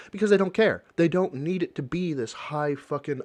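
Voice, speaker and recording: A man's voice: fairly high pitch, expressive, a little fast, few pauses, a little mellow, no room sound. A man reacting to a video on his stream, making sarcastic and profane rambling asides. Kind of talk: casual reaction commentary.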